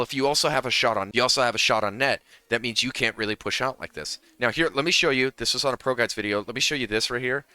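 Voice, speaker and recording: Young guy coaching a game, swears a lot, keeps restarting, sharp bright voice, dry close mic. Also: medium pitch, dry recording. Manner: heated, profane, repeats and restarts often. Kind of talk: casual gameplay breakdown.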